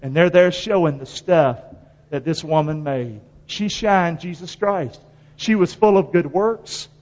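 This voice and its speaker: Male pastor, high voice, call-and-response sermon, dull muffled church audio. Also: a little slow, darkish tone, big-room sound. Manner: emphatic, call-and-response preaching. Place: church sanctuary.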